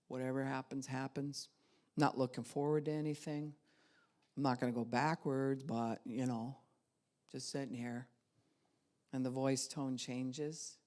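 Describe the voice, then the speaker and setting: In a steady tone and at a slightly slow pace with frequent pauses, a woman pastor gives a conversational sermon. She talks directly to her audience, varying pitch and volume to perform the thoughts she quotes.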